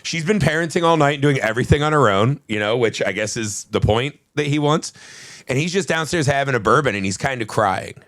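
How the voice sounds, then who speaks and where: A man co-hosting a casual movie podcast, telling stories in a profane, animated way. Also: mid-range voice, fairly quick, no room sound, clean studio sound. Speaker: podcast co-host.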